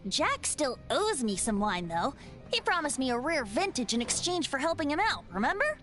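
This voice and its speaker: A youthful, playful bard boy with a light, fairly high, lilting voice, as a woman voices him. He sounds airy and carefree, with game music clearly behind him. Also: big pitch swings, moderate pace, fairly bright tone. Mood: cheerful.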